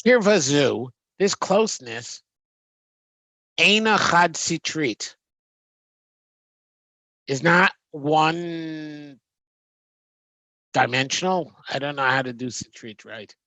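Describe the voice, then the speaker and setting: A man's voice: fairly high pitch, lively intonation, slow pace, a bit bright, no echo. A man teaching a text study, reading Hebrew phrases and translating them with frequent ums and restarts. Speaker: Torah teacher.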